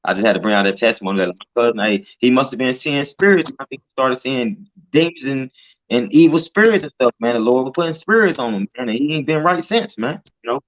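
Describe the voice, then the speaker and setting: A man's voice: mid-range voice, expressive, quick pace, a bit bright, muffled recording. A man telling testimonies in casual slang, tagging his lines with "man" and "you know", with some profanity. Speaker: street preacher in group discussion.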